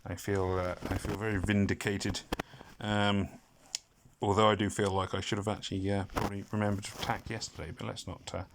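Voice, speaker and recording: A man's voice: on the low side, flat delivery, a little fast, noisy background. A man from Britain giving casual, rambling commentary on a mobile game, humming and making little sound effects, self-deprecating about his mistakes. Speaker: gaming commentator.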